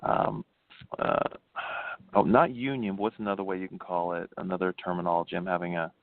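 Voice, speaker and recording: A man's voice: fairly quick, no room sound. A man from Florida, born in New Hampshire, telling history and ghost stories as an interview guest, laughing often. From born New Hampshire, raised in Florida. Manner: animated storyteller, laughs often, swoops in pitch. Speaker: guest, paranormal investigator and ghost tour founder. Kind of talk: casual phone interview. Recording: dry tinny phone line.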